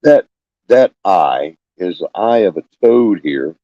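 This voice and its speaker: Man, older, scratchy, mellow, dry close sound, halting with fillers. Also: sits low, lively intonation, no room sound, lo-fi sound. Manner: halting, folksy, many fillers and restarts. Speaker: homestead channel host. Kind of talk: casual live stream chat. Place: small room with fans running. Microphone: phone.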